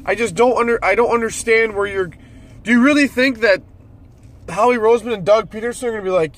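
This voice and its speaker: High-voiced man on a profane rant. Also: quick pace, fairly bright tone. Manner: profane, irritated, ranting. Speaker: football fan commentator. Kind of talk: solo sports rant.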